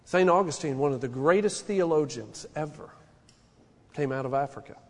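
High-voiced preacher in a reverberant hall. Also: male voice, moderate pace. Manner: impassioned, rising and falling preaching delivery. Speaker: pastor. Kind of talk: sermon.

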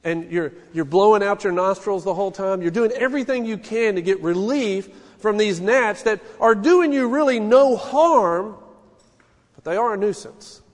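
A man in his forties preaching a sermon, telling stories with an animated, folksy manner. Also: high-pitched, moderate pace. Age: 40s. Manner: storytelling, animated, folksy asides. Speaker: pastor. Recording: long hall reverb.

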